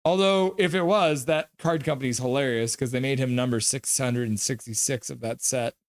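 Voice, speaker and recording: Young male stream host, mid-pitched voice, loose play-by-play with jokes and comment reading. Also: normal speed, no echo. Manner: jokey, chatty, reads viewer comments aloud. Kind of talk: live play-by-play and chat reaction.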